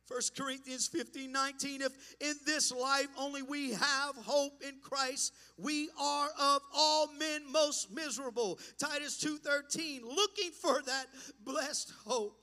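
A man preaching a sermon in a church, impassioned and building to shouts over a slow, deliberate delivery. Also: extremely high pitch, steady tone, big-room sound. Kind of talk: pentecostal-style sermon. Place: church sanctuary.

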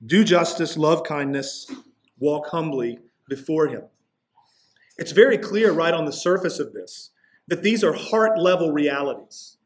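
Male pastor, expository sermon, slightly higher voice, emphatic on key lines. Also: animated, measured pace. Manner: expository preaching, rising intensity on key points.

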